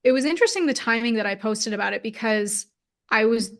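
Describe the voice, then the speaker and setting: A fast talker with a fairly high pitch and lively intonation, this woman in her thirties is being interviewed. She tells her personal story with open emotion, using "like" a lot.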